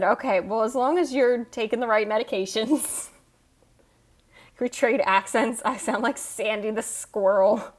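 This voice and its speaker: A woman hosting a casual livestream, reading chat aloud and teasing viewers with frequent laughs. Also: a little high. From United States. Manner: teasing, quick, laughs often. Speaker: livestream host. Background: soft background music.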